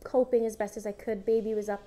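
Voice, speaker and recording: A woman's voice: medium pitch, steady tone, quick pace, dark tone. A mother speaking earnestly and directly to her viewers, telling her own story in a conversational way with frequent halts and restarts. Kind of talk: candid personal vlog storytelling.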